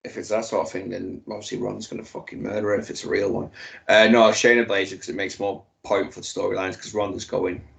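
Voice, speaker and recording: Gravelly low-voiced man. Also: level tone, fast, a bit bright. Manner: offhand, short replies, speculative. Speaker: podcast co-host. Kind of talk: casual wrestling chat.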